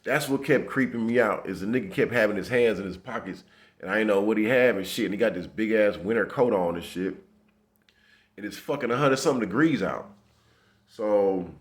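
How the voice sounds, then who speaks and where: Man telling a street story, full of slang. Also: lowish voice. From Los Angeles area. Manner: profane street slang, animated retelling with quoted dialogue. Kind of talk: casual storytelling.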